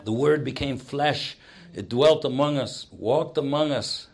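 A man preaching a sermon, swinging from emphatic exhortation to hushed, prayerful passages. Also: mid-range voice, unhurried, vocal fry.

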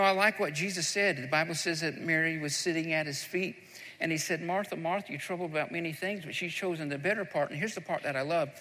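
A man's voice: on the high side, bright, forceful tone. A man preaching a sermon, building to fervent, emphatic delivery. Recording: long hall reverb.

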